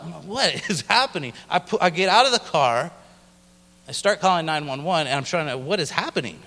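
A male missionary shares his personal testimony in a relaxed, storytelling manner, sometimes imitating other people's voices. His voice is fairly high, brisk, pushed and bright, with lively intonation. A large hall gives the recording a long reverb.

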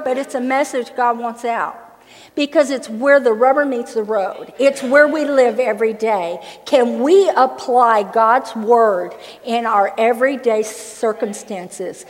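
An older woman preaching a sermon through a funny personal story, with lively laughs along the way. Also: on the high side. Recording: long hall reverb.

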